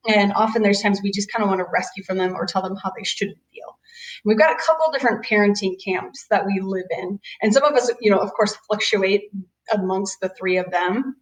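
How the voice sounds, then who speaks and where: A woman's voice: medium pitch, fairly quick. A woman in her thirties, a chiropractor, giving a casual webinar talk on parenting from her office, rambling with lots of "um" and "you know". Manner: acts out quoted voices of her kids and parents. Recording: roomy, distant-sounding office recording.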